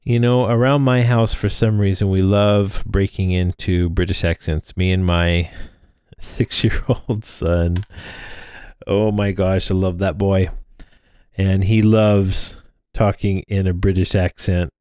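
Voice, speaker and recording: This man in his thirties has a deep, steady, warm and smooth voice and speaks slowly as he casually walks through a drone frame build, rambling with lots of fillers and restarts. The close microphone in front of him gives a dry recording with clean studio sound.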